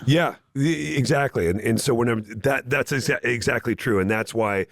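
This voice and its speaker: A man's voice: mid-range voice, moderate pace, creaky, no echo, studio quality. A man from Canada, a podcast guest, chatting casually and telling rambling, self-mocking stories full of restarts. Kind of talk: casual chat. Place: podcast studio.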